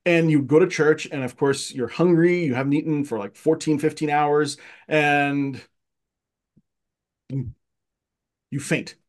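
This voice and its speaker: A middle-aged man of Armenian family raised in Egypt, a guest casually telling childhood stories, restarting phrases and getting animated when he quotes himself. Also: a little slow, pauses often. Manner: animated, repeats words as he restarts, rising pitch when quoting himself. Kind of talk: casual conversational storytelling.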